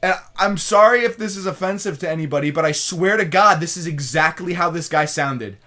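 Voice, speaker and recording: A man's voice: on the high side, fairly quick, bright, forceful tone. A young man co-hosting a casual podcast, telling a story with crude swearing and frequent laughter. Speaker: podcast co-host.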